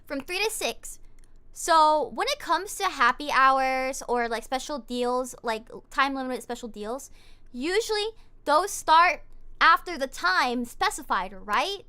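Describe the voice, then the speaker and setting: A young woman streamer telling a story in casual chat, animated and indignant, with lots of fillers. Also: high voice, takes it slowly.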